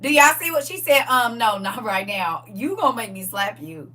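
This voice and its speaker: A woman's voice: on the high side, normal speed, distant mic. A middle-aged woman hosting a live stream, chatting casually and laughing a lot. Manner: animated, laughing, exclaiming. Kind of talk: casual chat.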